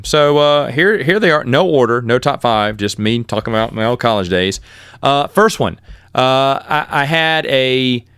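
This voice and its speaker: A middle-aged man, host of his own podcast, casually telling rambling, self-deprecating stories and jumping up high in pitch when he quotes himself. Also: clear, resonant tone, no echo, clean studio sound. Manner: animated, with sudden jumps in pitch when quoting himself. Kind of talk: casual storytelling.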